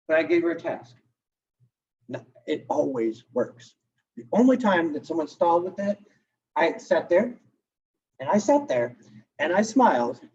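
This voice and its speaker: A man coaching real estate agents in a live session, talking casually and acting out client exchanges. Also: high voice. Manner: animated, conversational, acts out client dialogue. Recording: distant, dull lo-fi room recording.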